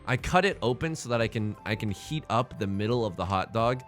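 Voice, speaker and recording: Excitable young man commentating a game. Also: on the low side, a little fast, faint music behind. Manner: excitable, self-deprecating, rambling with repeated words. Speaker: let's play host. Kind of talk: casual gameplay commentary.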